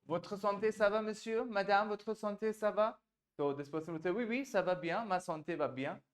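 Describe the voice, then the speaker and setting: A man with an Indian English accent and a somewhat high voice, teaching French to beginners over a video call. He is patient, drills phrases slowly and repeats them, and moves back and forth between French and English. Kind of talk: online beginner French class.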